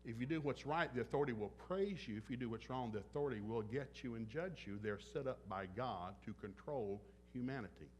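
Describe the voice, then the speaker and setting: A man's voice: mid-range voice, brisk, few pauses, slight background noise. A man preaching a sermon at a church service, blunt and joking, acting out little scenes with other voices. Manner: joking, blunt, acts out dialogue. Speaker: pastor. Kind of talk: sermon with acted-out anecdotes.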